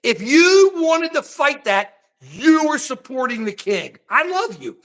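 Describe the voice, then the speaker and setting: Animated high-voiced older man ranting. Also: unhurried. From United States. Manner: animated, rambling, addresses chat by name. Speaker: political livestream host. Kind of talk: heated political talk with chat.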